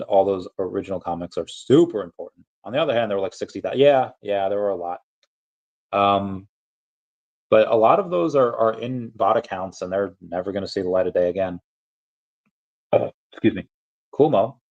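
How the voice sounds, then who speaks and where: A man's voice: on the low side, normal speed, a little mellow, muffled recording. A young man hosting a casual livestream, reading chat aloud in a rambling, playful way and often stumbling over repeated words.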